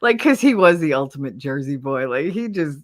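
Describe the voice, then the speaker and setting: Low-voiced blunt middle-aged woman. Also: animated, fairly quick. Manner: blunt, rambling storyteller. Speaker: livestream host. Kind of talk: casual chat.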